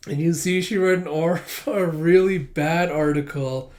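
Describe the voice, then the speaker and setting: A man's voice: a little high, fairly even intonation, a little slow, darkish tone. A man casually reading a manga chapter aloud and commenting on it, laughing readily. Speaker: manga reader and reactor. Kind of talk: casual read-along commentary.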